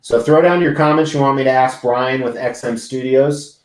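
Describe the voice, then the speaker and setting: A man's voice: mid-range voice, steady tone, moderate pace, echoey room. A man hosting a live stream, chatting casually and rambling, swearing freely as he talks to viewers. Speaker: livestream host. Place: large indoor convention venue.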